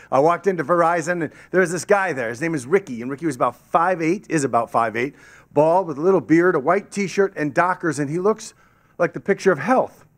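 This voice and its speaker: A man telling a story as a guest speaker to a club audience, acting out the voices of the people he quotes. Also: a little high. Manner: animated, acts out quoted voices. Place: meeting hall with an audience. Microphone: podium microphone.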